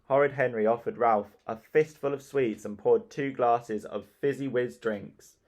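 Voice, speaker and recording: A man reading a children's story aloud in a relaxed, playful way. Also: mid-range voice, measured pace.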